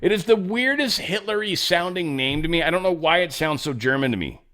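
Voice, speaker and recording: A man's voice: a little high, lively intonation, brisk, bright, forceful tone. A man hosting a show, reading news headlines and adding sarcastic, mocking commentary in a loose, casual way. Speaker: show host.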